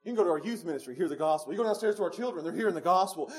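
Preacher, man in his thirties, high voice, quiet-to-loud emphatic sermon delivery in a church. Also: expressive, very fast, hardly any pauses. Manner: swings between quiet low stretches and loud emphatic peaks, with chuckles. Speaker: pastor. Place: church sanctuary.

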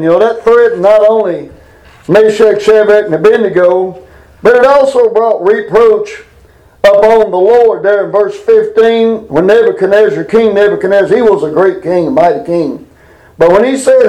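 A man teaching from the Bible in a folksy, halting way, full of fillers, slowing down to read scripture. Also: sits high, dark tone, poor audio. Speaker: preacher.

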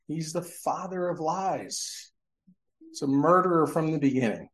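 A male pastor delivering a sermon in a church sanctuary. His voice sits at an ordinary mid pitch. He leans on rhetorical questions, pausing for the room before he gives the answer.

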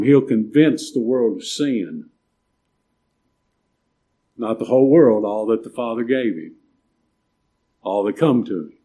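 Older guy preaching, mellow dark voice, gets loud and emphatic. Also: medium pitch. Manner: emphatic preaching, swelling louder on key points. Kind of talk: sermon.

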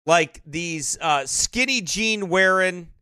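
Brief: male pastor, bright tense voice, swinging pitch, emphatic preaching with constant "right?". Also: expressive, slow pace, clean tone, no room sound, studio quality. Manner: emphatic, repeats tag questions. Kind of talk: sermon-style commentary.

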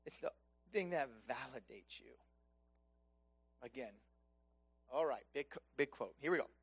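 A man preaching a sermon, impassioned and conversational, swinging between loud emphatic peaks and soft hushed lows. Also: animated, unhurried, breathy edge. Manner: conversational, casual asides.

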